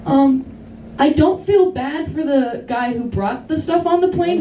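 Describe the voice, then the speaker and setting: Woman, stand-up comic, high voice, indignant, profane, echoey room. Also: a little slow, mellow, recorded from a distance. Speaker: stand-up comedian. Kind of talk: stand-up comedy set. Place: kava bar comedy night, indoors. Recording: echoey bar audio from afar, faint hum.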